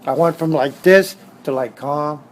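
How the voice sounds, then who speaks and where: Blunt socal guy telling stories at his bike shop, kinda high voice, faint hum behind. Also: unhurried, rough recording. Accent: Southern Californian. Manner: blunt, streetwise, repeats himself. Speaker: motorcycle shop owner. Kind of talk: casual storytelling interview.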